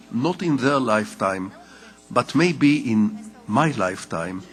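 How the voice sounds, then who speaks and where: An older man who grew up speaking Hebrew gives a public lecture in English, telling personal stories in a measured, wry way with deliberate pauses. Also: medium pitch, a bit bright, slightly rough. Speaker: lecturing novelist. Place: conference hall. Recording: reverberant lecture hall.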